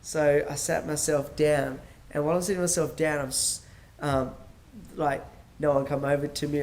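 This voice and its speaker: A man's voice: mid-range voice, a little mellow. A man hosting a podcast, talking casually in a rambling way, full of fillers and restarts, and acting out dialogue as he tells stories. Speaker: podcast host. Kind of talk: casual monologue.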